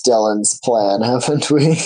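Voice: mid-range voice, measured pace, darkish tone, rough recording. A player in a tabletop game, thinking aloud with a wry tone. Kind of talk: casual tabletop play.

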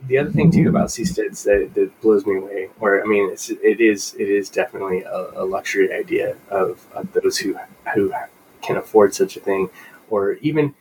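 A man co-hosting a casual comic book podcast, rambling through his thoughts with halting restarts and banter. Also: on the low side, darkish tone, a little hiss or hum. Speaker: podcast co-host.

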